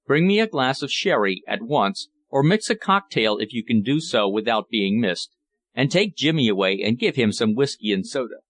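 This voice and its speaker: A man voicing a brisk, hearty country gentleman giving quick orders in an audiobook. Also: medium pitch, sing-song, dry recording.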